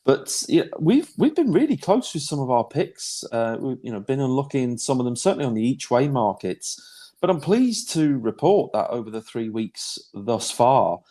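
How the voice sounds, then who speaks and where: A man's voice: medium pitch, sing-song, normal speed, mellow. A man co-hosting a podcast, chatting steadily with frequent fillers and restarts. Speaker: podcast co-host. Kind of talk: casual chat about golf betting.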